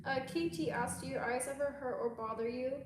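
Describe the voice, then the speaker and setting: A woman's voice: high voice, a little fast. A woman reading viewer comments aloud in a casual chat. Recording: echoey room with background noise.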